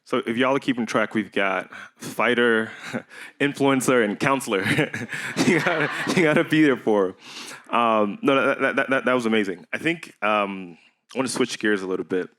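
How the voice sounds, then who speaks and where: A man's voice: medium pitch, moderate pace, a bit bright. A man moderating a panel, joking lightly and asking rambling questions. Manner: playful, asks rambling questions.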